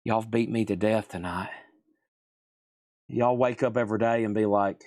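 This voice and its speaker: A man's voice: fairly low pitch, steady tone, moderate pace, pauses often, a little mellow, no room sound, clean studio sound. Tired man selling records live. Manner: rambling, self-mocking, laughs often. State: tired and aching. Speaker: host of a live record sale. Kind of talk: casual livestream selling chat.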